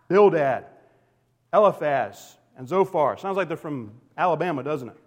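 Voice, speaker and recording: A male pastor preaching a sermon in a church, emphatic and swinging between loud declarations and hushed, quiet lines. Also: fairly high pitch. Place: church sanctuary. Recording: long hall reverb.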